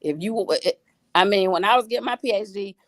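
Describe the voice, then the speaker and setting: A woman's voice: medium pitch, fairly quick, dry recording. Dry-voiced woman giving a preachy testimony. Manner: preachy, repeats herself, restarts often. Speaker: guest, single mother with a doctorate. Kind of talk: testimony in a faith talk show.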